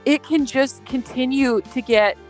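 A woman's voice: high voice, a little slow, soft background music, rough recording. An American woman telling a personal story in a casual, heartfelt way, full of fillers and growing emotional. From United States. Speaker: podcast guest.

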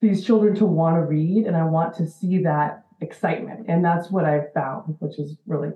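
A woman's voice: sits low, steady tone, normal speed. A woman in her forties, a special-needs educator, explaining earnestly in an interview with frequent fillers. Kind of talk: interview answers. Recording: tinny phone-like line in an echoey room.

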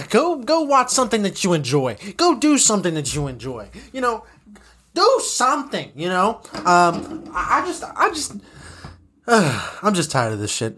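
Young man, podcast host, agitated profane rant, swooping lively pitch, repeats himself. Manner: profane, agitated, repetitive ranting with many "you know"s. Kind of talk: solo ranting podcast episode.

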